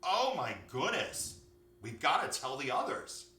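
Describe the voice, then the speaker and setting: A man's voice: medium pitch, wildly swooping pitch, moderate pace, bright, forceful tone, a little hiss or hum. A man playing a concerned storybook deer. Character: anxious male deer. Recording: echoey room, far from mic.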